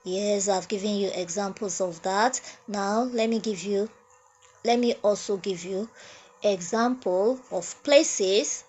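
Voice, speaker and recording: A woman teaching French grammar at a whiteboard, repeating each phrase slowly and explaining step by step. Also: mid-range voice, a little mellow, slightly rough. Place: classroom at a whiteboard. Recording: dull lo-fi sound.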